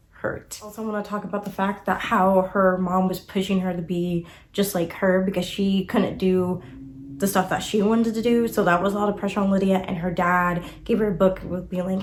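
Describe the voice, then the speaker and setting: Young woman, book reviewer, casual chat delivery, emotional and animated. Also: mid-range voice. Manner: emotional and animated, many fillers like "like" and "you know".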